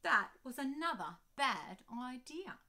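A woman reading her picture book aloud to children, animated and asking her listeners questions. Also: high voice, slow, a little hiss or hum.

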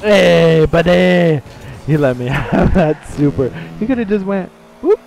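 A man giving excitable gameplay commentary, shouting reactions and trading playful trash talk. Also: on the high side, measured pace, gravelly, faint music behind. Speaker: gaming channel host.

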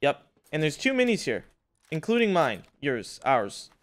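Man, gamer, highish voice, very lively pitch, swears a lot, melodramatic rants, faint music behind. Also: measured pace. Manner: animated, cursing, mock-dramatic outbursts. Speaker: streamer playing a survival game. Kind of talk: casual gaming chat with a rival.

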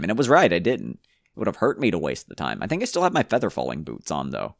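A man's voice: deep voice, huge pitch swings, fast talker, creaky, no echo, studio quality. A man giving casual gameplay commentary, rambling and joking to himself with frequent stumbles. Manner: rambling, jokey self-talk with stumbles. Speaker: gamer.

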